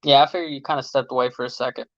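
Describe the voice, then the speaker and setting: Talking very fast in a medium-pitched voice with a steady tone, a mechanic in his late thirties hosts a casual livestream, reading comments and bantering loosely in slang with lots of laughter. The phone recording is dry and dull.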